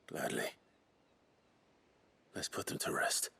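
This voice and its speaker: An actor playing a grim, brooding young warrior who speaks in a low, husky near-whisper. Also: male voice, slow pace, sharp tone.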